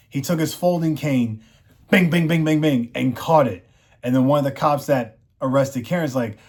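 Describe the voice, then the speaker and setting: Excitable man rambling through a recap. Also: fairly high pitch, measured pace. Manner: excitable, rambling, acts out quotes loosely in his own voice. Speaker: show recap host. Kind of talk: enthusiastic casual episode recap.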